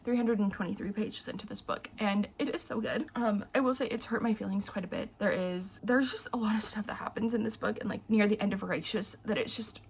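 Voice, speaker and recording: A woman's voice: medium pitch, fairly quick, gravelly, few pauses, a little hiss or hum. A young woman chatting casually in a book vlog, emotional and teary, rambling with lots of fillers. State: teary from crying. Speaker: book vlogger.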